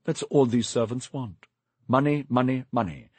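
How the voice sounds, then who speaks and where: A man voicing a snobbish gentleman who sneers mockingly about servants. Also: mid-range voice, normal speed, husky, dry recording, lightly acted. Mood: sneering.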